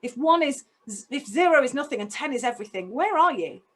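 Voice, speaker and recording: A woman's voice: high voice, animated, brisk, a bit bright. A woman telling a personal story in a talk, intense and emotional, putting direct questions to her listeners. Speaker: speaker.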